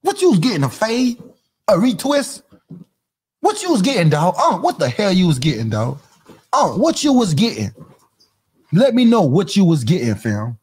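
Husky man ranting and mocking. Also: sits high, huge pitch swings, moderate pace, pauses often. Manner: loud, mocking, repeats phrases, laughs a lot. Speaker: podcast host. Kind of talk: comedic commentary rant.

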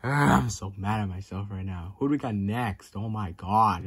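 A man's voice: on the low side, moderate pace, a bit bright, breathy edge, dry recording. A YouTuber man giving casual reaction commentary, swinging between cheering and panicked repetition.

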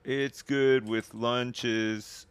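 A man's voice: medium pitch, steady tone, extremely slow, clean tone. A British man casually chatting and swearing while livestreaming a game, bantering sarcastically with his chat. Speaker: streamer. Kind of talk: casual live game commentary.

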